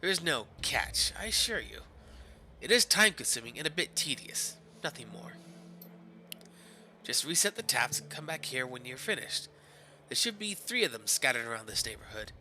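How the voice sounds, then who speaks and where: A man voicing a sly, polite Turkish shopkeeper who talks in a formal, smooth, mock-courteous way. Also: mid-range voice, big pitch swings, normal speed, pushed and bright, a little hiss or hum, low-quality recording.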